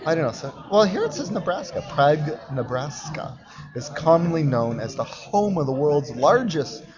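A man co-hosting a casual chat, playful and mock-pompous as he teases his co-host. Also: a little high. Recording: lo-fi recording with crowd chatter behind.

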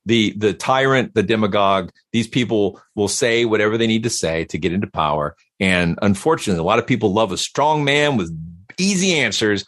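A man talking casually as a podcast guest, animated and given to repeating words as he starts a thought. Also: lowish voice, brisk, no echo, studio quality. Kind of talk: casual conversation.

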